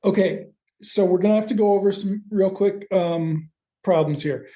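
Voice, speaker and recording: A man co-hosting a podcast, casually recapping a TV episode in rambling, quick asides with the odd swear word. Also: high-pitched, warm tone. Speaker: podcast co-host.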